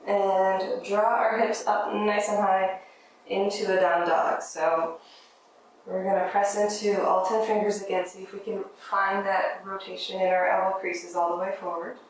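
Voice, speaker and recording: Woman yoga teacher with gentle, encouraging cues, mid-pitched, heard from a distance in a very echoey room with faint room noise. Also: steady tone, a little slow. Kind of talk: guided yoga class instruction.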